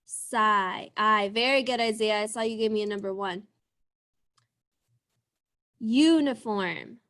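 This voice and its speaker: A young woman teaching a young class over a video call, drawing out sounds slowly and encouraging the children. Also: medium pitch, fairly even intonation, fairly bright tone. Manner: slow, encouraging, drawn-out sounds. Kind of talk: online class lesson.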